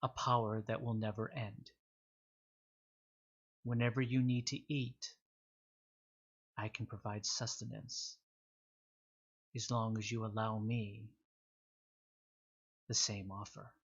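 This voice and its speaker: A man voicing a disembodied presence that coaxes a listener with offers of power, speaking softly and slowly. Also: fairly low pitch, level tone, slightly rough, dull audio, exaggerated voice. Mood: coaxing. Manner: soft, coaxing, slow.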